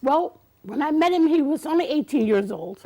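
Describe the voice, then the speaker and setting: An older woman sits for a televised interview and tells stories from her past. Her voice is fairly high with a gravelly edge, and she acts out the quoted lines as she goes. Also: normal speed. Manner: animated storyteller, acts out quotes, laughs often. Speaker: guest. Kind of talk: storytelling interview.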